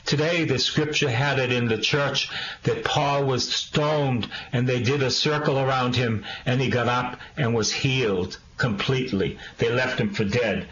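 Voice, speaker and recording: A man preaching a sermon, reading scripture aloud and breaking in with quick, emphatic asides to the congregation. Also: mid-range voice, a bit bright. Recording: echoey room, dull lo-fi sound with faint hiss.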